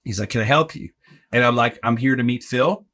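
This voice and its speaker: Brisk and animated, this medium-pitched, bright-voiced man is an arena in-game host telling a casual anecdote as a podcast guest. He acts out quoted voices and fills his talk with "like" and "right?".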